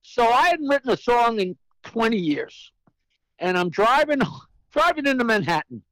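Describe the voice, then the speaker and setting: A man's voice: extremely high pitch, big pitch swings, moderate pace, a bit bright, dry recording, poor audio. A man telling a brash, profane anecdote as a guest comedian, acting out the voices of the people in his story. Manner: brash, profane joke-teller; acts out quoted voices.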